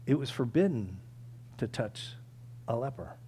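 A man's voice: medium pitch, lively intonation, measured pace, mellow, a little hiss or hum. A man preaching a sermon, earnest and emphatic, acting out quoted prayers and pleas.

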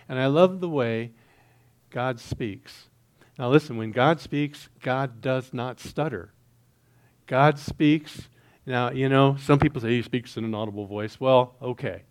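A middle-aged man preaching a sermon, telling a personal story and swinging between hushed, quiet stretches and loud, excited bursts. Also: on the high side, measured pace. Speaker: pastor.

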